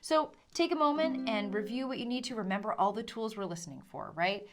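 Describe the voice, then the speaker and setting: A woman with a fairly quick, higher-pitched voice teaches a ukulele lesson. She explains patiently, counts in, and sings along while the ukulele plays underneath.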